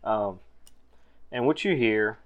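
Low-voiced man narrating a tabletop game. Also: slow pace, phone-quality sound. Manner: loose, descriptive storytelling with fillers. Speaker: game master.

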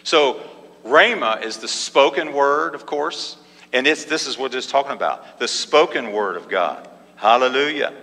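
Bright-voiced preacher in a reverberant hall. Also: male voice, mid-range voice, lively intonation, unhurried. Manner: emphatic, call-and-response preaching with repeated exclamations. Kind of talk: sermon.

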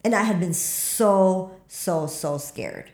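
A woman with a somewhat low voice tells a story in casual talk, animated and quick to act out her own reactions. The room echoes around her. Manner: animated, acts out quotes with sudden high squeaks.

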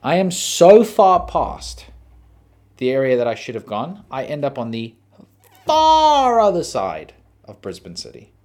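An Australian man hosting a podcast, telling a story in a casual, animated, profane way. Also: mid-range voice, unhurried. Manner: animated, profane, dramatic retelling. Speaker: podcast host.

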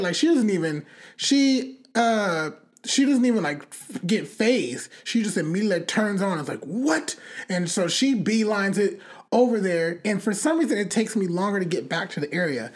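A woman's voice: medium pitch, normal speed. A young woman chatting casually, spinning a story in a loose, rambling way. She fills it with fillers and swear words, and her voice sits in a middle register. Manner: rambling, animated storytelling with frequent "like" and cussing. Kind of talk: casual chat, telling a dream.

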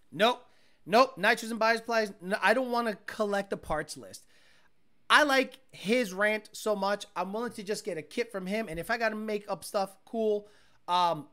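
A man with a bright, forceful voice chats casually on his own stream. He rambles, swears freely and tells stories with loud, animated energy. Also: high voice. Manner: profane, rambling, animated storytelling. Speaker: livestream host. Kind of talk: casual chat.

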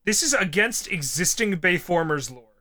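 A man's voice: high-pitched, big pitch swings, moderate pace, noisy background. A man co-hosting a casual podcast, nerdily explaining franchise lore. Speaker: podcast co-host.

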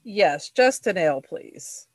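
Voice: medium pitch, lively intonation, slow, dry recording. Tabletop player, casual, giggly, dry recording. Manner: casual, laughing, hesitant. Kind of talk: casual tabletop role-play.

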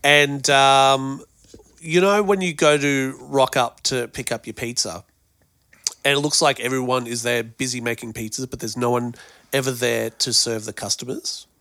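A man with an Australian accent, chatting casually as a podcast guest and telling animated stories, often repeating words as he starts a thought. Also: medium pitch, moderate pace, no room sound, studio quality. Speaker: guest musician and presenter.

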